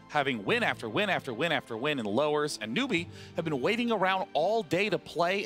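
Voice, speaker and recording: A man's voice: on the high side, a bit bright. A man hosting a live esports analysis desk, upbeat and steering the panel.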